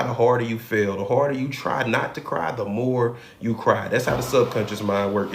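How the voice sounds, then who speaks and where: A middle-aged man and hypnotherapist giving a live teaching talk, conversational and animated, with rhetorical questions to his viewers. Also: medium pitch. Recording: roomy room with faint noise.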